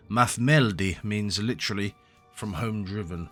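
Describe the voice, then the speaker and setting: A man's voice: lowish voice, expressive, normal speed, pushed and bright, faint music behind. A man hosting a gameplay video, chatting casually and reading in-game text aloud with a mock-Latin pronunciation. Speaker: let's play host.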